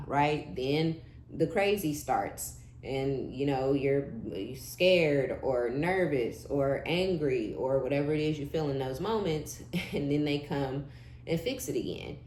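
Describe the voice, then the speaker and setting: Low-voiced blunt woman reading tarot. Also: a little mellow. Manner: blunt, profane, laughing asides, slangy. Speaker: tarot reader. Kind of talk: casual tarot reading monologue. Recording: echoey room with faint background hum.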